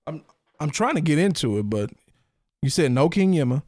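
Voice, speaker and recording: A man's voice: fairly high pitch, sing-song, normal speed, darkish tone, dry recording, studio quality. A man hosting a podcast in casual chat, laid-back and steering the talk. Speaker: podcast host.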